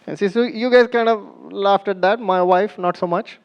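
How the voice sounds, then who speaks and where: A man's voice: high-pitched, steady tone, a little slow, pauses often, highs cut off. A man doing a stand-up comedy set on a live stage, chatty and teasing the audience, acting out the lines he quotes.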